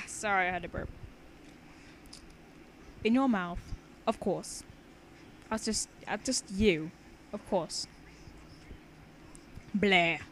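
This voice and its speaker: A woman's voice: medium pitch, expressive, very slow, pauses often, a bit bright, a little hiss or hum. A young woman casually reading her own story aloud, chatting and rambling with frequent stumbles and restarts. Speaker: story reader.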